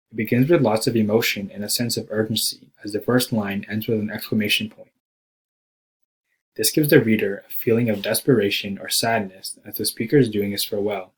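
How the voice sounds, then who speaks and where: A man reading a school presentation aloud from a script, slowing down when he quotes the poem. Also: fairly low pitch, husky, low-quality recording. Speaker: student presenter.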